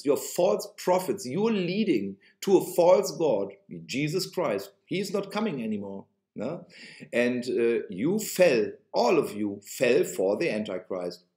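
A man with a German accent rants to camera like a preacher. He is sarcastic and emphatic and repeats his points. His pitch swoops widely, and the echoey room gives his voice a roomy ring. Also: dark tone. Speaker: online religious video host.

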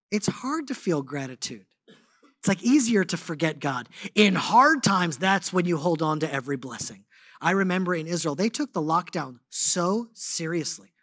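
A man giving a sermon as a guest speaker, telling stories in an animated, conversational way with lots of casual fillers. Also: high-pitched, no room sound, clean studio sound. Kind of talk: storytelling sermon.

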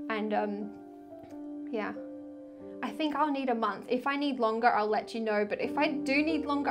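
A young woman chats to camera as a spiritual tarot vlogger in a fairly high voice. She gushes, filling her talk with "like" and "literally". Faint music plays behind her. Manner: gushing, effusive, many "like" and "literally". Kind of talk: casual direct-to-camera chat.

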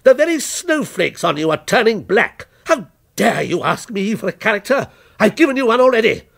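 A man's voice: sits high, animated, a little fast, creaky, voice pushed up, heavily acted. A man voicing a frightened male writer who stammers and protests, in a dramatic story reading. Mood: defiant.

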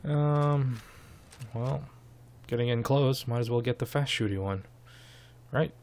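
A man's voice: mid-range voice, slow pace, darkish tone. A young man giving chatty, casual gameplay commentary and swearing freely. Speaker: let's play host.

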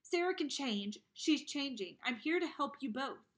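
A woman voicing a calm ghost boy. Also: sits high, unhurried, voice pushed up. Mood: reassuring.

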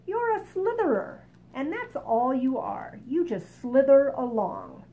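A woman's voice: sits high, big pitch swings, takes it slowly, warm tone, pitched above the performer's own voice, full character voice. A woman voicing a proud, boastful male centipede in a storybook read-aloud. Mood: scornful. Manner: showy, bragging.

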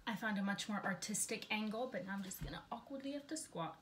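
A young woman with a fairly high voice chats her way through cooking in a home kitchen. She is bubbly and pokes fun at herself, speaking to a camera on a selfie stick. A faint hiss sits under her voice. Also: lively intonation, normal speed, fairly bright tone. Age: young adult. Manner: bubbly, self-deprecating chatter while cooking. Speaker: vlogger. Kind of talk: casual chatty cooking vlog.

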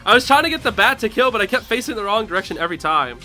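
Brief: young male gaming host, high lively voice, bright tone, faint game music under him. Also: rapid-fire. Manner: excitable, laughing, loud outbursts. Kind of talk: casual live game commentary.

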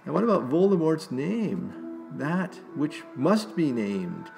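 A man reading a story aloud and chatting about it in an enthusiastic, musing way, with loud music behind him. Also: a little high, sing-song, slow, creaky, low-quality recording. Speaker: story reader and host.

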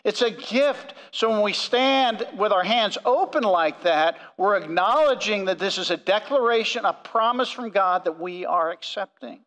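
A male pastor preaching a sermon, earnest and emphatic, slowing down to stress key phrases. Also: high voice, a bit bright, long reverb tail, low-quality recording. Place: church sanctuary.

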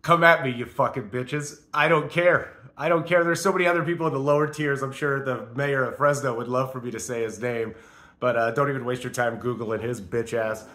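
A man's voice: medium pitch, steady tone, brisk, pushed and bright. A man recording a rambling, defiant spiritual rant on his phone camera, swearing heavily as he talks. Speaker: vlogger.

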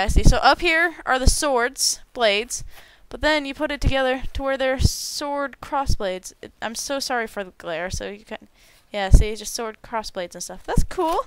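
A young woman hosting a casual unboxing video, bubbly and excitable, tripping over her words as she gushes. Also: high-pitched, no echo. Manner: bubbly and excitable, gushing with stumbling repeats. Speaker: unboxing channel host.

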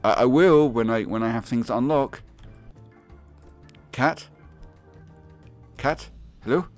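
A young man giving excitable, swearing commentary on a game, laughing often and yelping in high squeaks. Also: takes it slowly, soft background music. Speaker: gaming video host.

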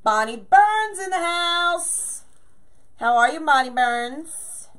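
A woman with a fairly high voice hosts a casual crafting livestream. She chats with viewers, greets each one by name and counts her pieces aloud as she works, in a friendly, easygoing way. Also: expressive, slow pace, a bit bright. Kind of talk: chatty livestream while crafting.

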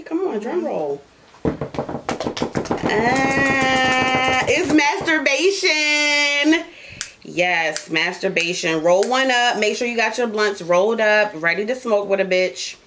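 A woman's voice: mid-range voice, expressive, a little slow, fairly bright tone, a little hiss or hum. A woman hosting a casual podcast while smoking, talking bluntly and profanely, joking, with laughs and coughs. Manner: laughs and coughs between lines. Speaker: podcast host.

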